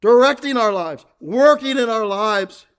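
A man preaching a sermon, reading scripture aloud and repeating his points earnestly, often dropping to a low murmur at the ends of phrases. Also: lively intonation, unhurried, a bit bright, smooth.

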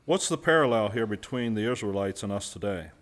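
A man's voice: lowish voice, animated, brisk. Man preaching a sermon, asking and answering. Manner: asks the congregation questions and answers them; stresses key words by repeating them.

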